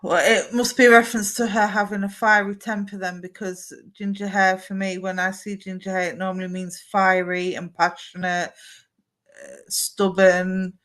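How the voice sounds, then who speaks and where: Female medium, talky and warm-paced, live-stream reading. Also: medium pitch, flat delivery, moderate pace. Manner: chatty, relays messages from spirit.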